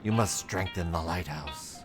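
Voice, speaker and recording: A man voicing a calm, commanding ancient spirit who speaks in a solemn, measured way. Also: deep voice, over music. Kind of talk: game character voicing.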